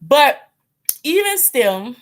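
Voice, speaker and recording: A woman's voice: sits high, very animated, very slow. A woman hosting a tarot channel, rambling in casual livestream chat, with fillers, laughs and acted-out reactions. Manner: acts out her own reactions in quoted voices. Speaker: tarot reader hosting a live stream.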